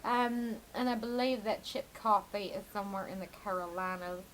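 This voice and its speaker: A woman's voice: mid-range voice, normal speed, a little hiss or hum, rough recording. Jittery, rambling woman vlogger. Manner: rambling, profane and giggly. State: jittery from too much coffee. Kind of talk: casual rambling chat.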